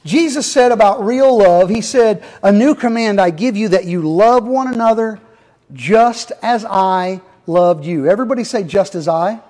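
A man's voice: high-pitched, normal speed, few pauses, mellow. A man preaching a sermon as pastor, folksy and joking with his congregation.

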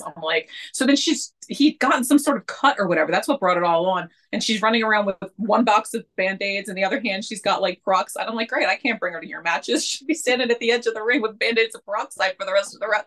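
A woman's voice: medium pitch, quick pace, few pauses, a bit bright. A woman in her forties co-hosting a casual chat show, rambling and joking with frequent laughs. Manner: rambling, joking, self-deprecating, laughs often. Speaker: podcast co-host.

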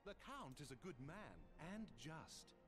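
A man's voice: a little high, big pitch swings, measured pace. An actor playing a kind, courteous young nobleman knight in a video game, speaking in formal courtly phrases over game music.

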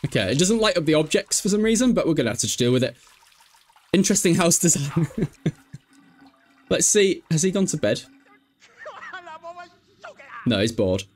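A young man casually commenting on a life-sim game, laughing often and yelling at the characters. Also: on the high side. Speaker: streamer. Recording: faint music behind.

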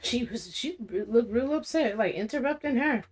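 A woman's voice: fairly high pitch, animated, moderate pace, husky. A woman streamer giving casual, chatty commentary while playing a video game. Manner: chatty, talks to viewers. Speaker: gaming streamer.

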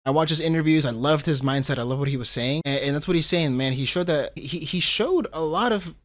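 A man giving casual, excitable commentary while reacting to an album, often repeating himself and saying "bro.". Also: on the high side, a little fast. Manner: excitable, repeats phrases, calls listener bro. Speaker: music reaction host. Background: faint hip hop music.

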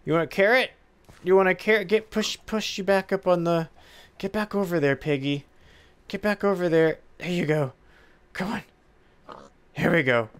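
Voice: medium pitch, normal speed, long pauses, clean tone. A let's-play gamer giving casual gameplay commentary, playfully talking to a pet pig, humming along and squealing with alarm. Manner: excitable, squeals and gasps in alarm.

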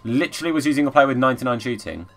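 A young man commenting live on a football video game as a streamer, chatting with viewers and bursting into excited shouts at the play. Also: medium pitch, racing. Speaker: gaming streamer. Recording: faint background music.

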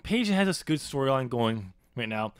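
A man co-hosting a casual wrestling podcast, relaxed and talkative, explaining his ideas at length and laughing easily. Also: medium pitch, moderate pace, clean tone, no echo, studio quality. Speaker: podcast co-host. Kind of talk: casual chat.

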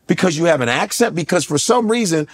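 A middle-aged man in casual chat, an animated storyteller who curses freely and keeps slipping into mocking voices. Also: on the high side, quick pace. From raised in the US, Nigerian heritage. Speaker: comedian guest.

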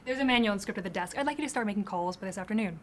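A woman playing a brisk, stern sales office boss briefing staff, in a comedy audio drama. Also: mid-range voice, a little hiss or hum, natural voice.

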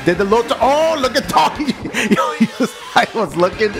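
Hyped, high-voiced profane game commentator man. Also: animated, normal speed. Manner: loud, profane trash talk, frequent yelling and laughter. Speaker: gaming commentator. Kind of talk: excited let's-play commentary. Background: game music.

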